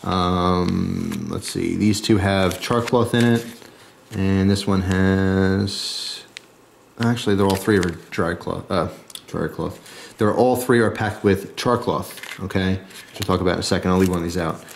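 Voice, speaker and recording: Jersey-accented guy, lowish voice, easygoing gear-demo host who chats and jokes as he goes. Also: steady tone, measured pace, vocal fry, a little hiss or hum. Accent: New Jersey. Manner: chatty, jokey asides, frequent "okay?" and "right?". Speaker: survival video host. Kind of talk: casual show-and-tell talk.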